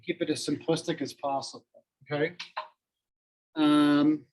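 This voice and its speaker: A man's voice: on the high side, flat delivery, a little slow, darkish tone, poor audio. A man teaching a class in a classroom, talking casually with many fillers and self-deprecating asides.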